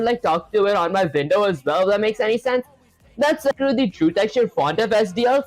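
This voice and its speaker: A man's voice: high-pitched, no room sound, poor audio. A man hosting a live coding stream, chatting casually and rambling with lots of fillers. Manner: rambling, loose, full of fillers.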